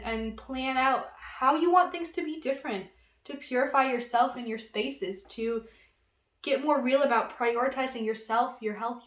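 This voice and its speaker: Woman doing a chill tarot reading, soft and reassuring, kinda high voice, echoey room. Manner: gentle, reassuring, casual with many fillers. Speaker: tarot reader.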